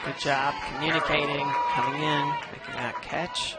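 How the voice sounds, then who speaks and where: A woman giving color commentary on a youth softball game, encouraging and quick to praise the players. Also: sits low, steady tone. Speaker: color analyst. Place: outdoor ballpark broadcast booth. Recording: crowd noise in the background. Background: crowd.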